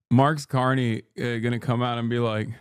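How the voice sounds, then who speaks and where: A man hosting a live stream, reacting with sarcastic, profane, animated commentary. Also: medium pitch, moderate pace, smooth, no room sound, studio quality. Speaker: streamer host.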